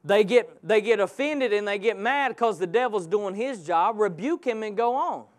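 A man's voice: high-pitched, expressive, moderate pace. A man preaching a sermon with passion, calling out to his congregation. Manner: impassioned, calls out to the congregation.

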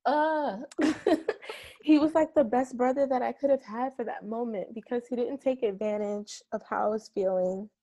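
A woman's voice: a little high, moderate pace, dark tone. A woman in her thirties, a guest in an interview, earnestly telling a personal story with many "like" fillers. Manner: earnest, heartfelt, frequent "like" fillers.

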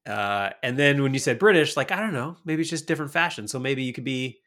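A man's voice: medium pitch, lively intonation, quick pace, fairly bright tone. A man co-hosting a casual podcast chat who teases his partner and adds wry asides and trivia. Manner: wry, teasing, with offhand asides. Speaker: podcast co-host.

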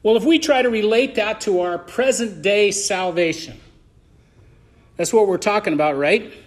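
A man with a fairly high voice gives a sermon in church as the pastor. He moves between loud, drawn-out emphasis and quieter asides to his congregation.

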